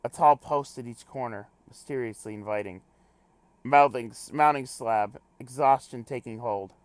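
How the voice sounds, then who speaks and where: A man's voice: mid-range voice, normal speed, dry recording, lightly acted. Man reading as a stiff, telegraphic adventurer. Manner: clipped telegraphic log-speak, pompous wording. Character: terse, formal male adventurer logging reports.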